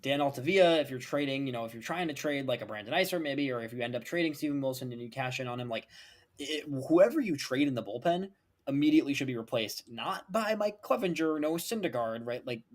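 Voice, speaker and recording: A man's voice: medium pitch, fast talker. Chatty young man talking prospects. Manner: animated, emphatic, lots of "like" and "right?". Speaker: podcast co-host. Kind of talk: casual sports chat.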